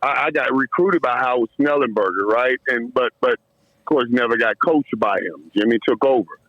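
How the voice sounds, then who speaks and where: A middle-aged former football player, guesting on a podcast interview, tells emotional stories, tripping over repeated words and laughing along the way. His voice is medium-pitched at a moderate pace, and the recording is dull, muffled, and dry with no echo.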